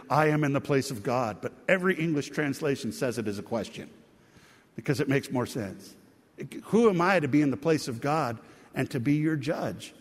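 A man preaching a sermon as a pastor, earnest and conversational, leaning into the heartfelt moments. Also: on the high side. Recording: long hall reverb.

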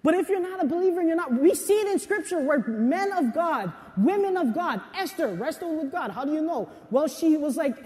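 A young adult man preaching a sermon in a casual, confessional way, with animated asides and personal stories. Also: extremely high pitch, brisk, hardly any pauses. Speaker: pastor. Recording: long hall reverb.

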